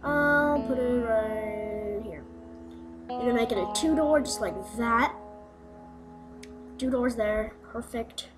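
Slow-talking young woman narrating a game tutorial. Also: fairly high pitch. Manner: rambling, goofy asides, uh fillers. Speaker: gaming video maker. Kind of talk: casual game tutorial voice-over. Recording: voice-over with guitar music behind.

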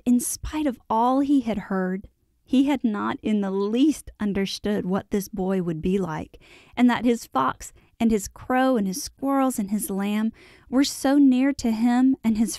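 A woman narrating a classic children's novel in a measured, expressive storytelling voice. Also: fairly high pitch, no echo, studio quality. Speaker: audiobook narrator. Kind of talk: scripted audiobook narration.

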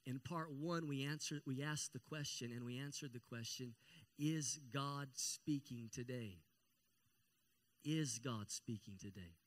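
A male pastor delivering a church sermon at a middle pitch. He repeats key phrases for emphasis and calls on the congregation to say amen. His delivery grows louder and more passionate as he goes.

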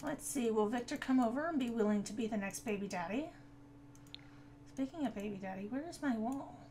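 A woman's voice: on the high side, fairly quick, mellow, a little hiss or hum. A woman giving casual gameplay commentary, chatting to her viewers and scolding the game characters. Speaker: gaming video creator.

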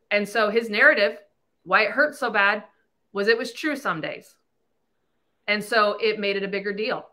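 A woman in her thirties hosting a podcast, telling her story bluntly and candidly, with lots of swearing. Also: medium pitch. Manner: blunt, profane, animated storytelling. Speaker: podcast host. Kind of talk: candid casual talk.

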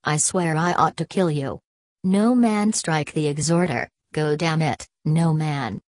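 A woman's voice: sits low, unhurried, a little mellow, dry recording. A woman reading the lines of a stocky, fiery male street agitator who rants and pleads in clipped dialect. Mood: raging, pleading. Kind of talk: audiobook character voice.

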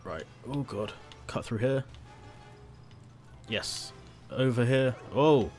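A man's voice: medium pitch, expressive, slow, darkish tone, soft background music. A man giving casual let's-play commentary, jittery, chatty and self-mocking as he plays. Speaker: gameplay commentator.

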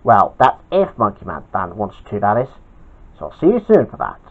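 A man reading his own homemade story aloud, halting and chatty, with asides to his listeners. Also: on the low side, huge pitch swings, narrow, tinny audio. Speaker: storyteller, channel host.

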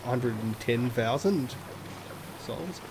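Hosting a let's play, a man gives casual gameplay commentary, swearing often and dropping chatty, self-mocking asides. His medium-pitched voice is expressive and slow, with background noise and game music behind him.

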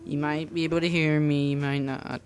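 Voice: medium pitch, little pitch movement, moderate pace, a little hiss or hum. A gamer chatting through an obstacle course on a phone setup, rambling and poking fun at themself. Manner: rambling, self-mocking, breaks into improvised sung lines. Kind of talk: casual gameplay commentary.

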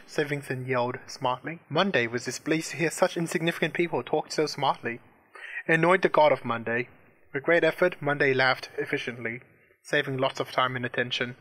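Amateur storyteller: man, mock-serious, flat deadpan delivery, bright tone. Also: medium pitch, normal speed, poor audio. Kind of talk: mock-dramatic story reading.

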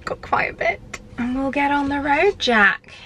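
A woman's voice: sits high, measured pace, fairly bright tone, slight background noise. A young woman chatting casually in a home vlog, rambling and going off on tangents. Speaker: lifestyle vlogger. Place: at home, indoors.

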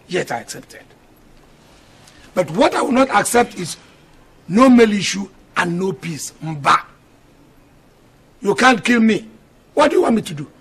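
A man's voice: high voice, a bit bright, slightly rough, exaggerated voice. An actor with a Nigerian accent playing an exasperated husband scolding his two quarrelling wives, in a lecturing film-drama delivery. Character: stern polygamous husband, middle-aged, exasperated.

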